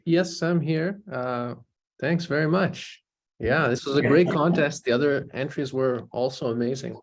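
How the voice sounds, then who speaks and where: A man's voice: medium pitch, measured pace. A man speaking over a video call, brief and cheerful. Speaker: contest winner.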